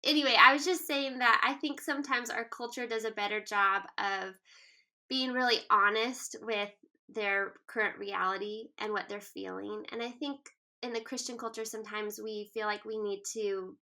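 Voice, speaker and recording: Bright-voiced earnest woman in her thirties. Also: medium pitch, steady tone, moderate pace. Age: 30s. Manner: earnest and reflective, filler-heavy. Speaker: guest author. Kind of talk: casual interview conversation.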